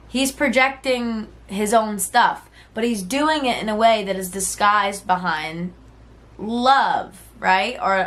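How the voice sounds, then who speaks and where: A woman in her twenties tells a personal story straight to camera in a relaxed vlog style. She talks candidly and conversationally, leaning on "like" and "right?". She swears freely and slips into quoted voices when she retells old text messages. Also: mid-range voice, takes it slowly.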